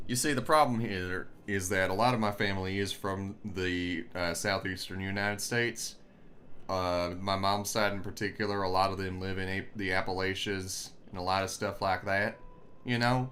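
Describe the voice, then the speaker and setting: A man's voice: deep voice, fairly even intonation, normal speed, fairly bright tone, slight background noise. A man who is a streamer and voice actor, rambling and thinking aloud in casual gameplay commentary.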